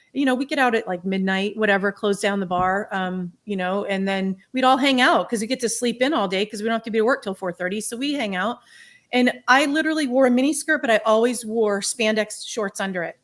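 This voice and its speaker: A middle-aged woman telling her own life story on a podcast panel, candid and animated, laughing through the hard parts. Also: mid-range voice. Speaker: podcast guest. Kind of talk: personal storytelling in a round table talk.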